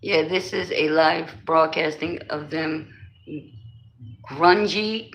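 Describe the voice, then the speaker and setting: A woman's voice: low-pitched, fairly even intonation, takes it slowly, pauses often, fairly bright tone, poor audio. A woman with a New Jersey accent chatting casually on a live stream, greeting and answering her viewers.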